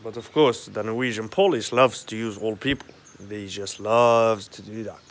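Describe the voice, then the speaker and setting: A man's voice: fairly low pitch, steady tone. Agitated, profane man rambling at home. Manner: agitated, profane, halting with many fillers. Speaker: vlogger. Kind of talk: rambling direct-to-camera monologue. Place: at home, indoors.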